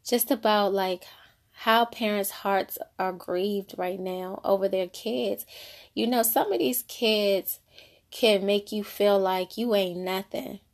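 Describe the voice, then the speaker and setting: A woman in her thirties, a mother of two, talking casually about parenting and faith in a rambling, conversational way. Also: mid-range voice. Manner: conversational, rambling, frequent "you know". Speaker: mother sharing parenting thoughts. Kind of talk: casual faith-based monologue.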